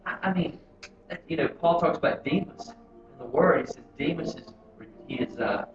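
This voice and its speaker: A man's voice: fairly high pitch, animated, normal speed, vocal fry, over loud music. Reflective man heard from across an echoey room. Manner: reflective, thinks out loud. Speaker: men's group member. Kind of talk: casual testimony. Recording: far-off echoey lo-fi room recording.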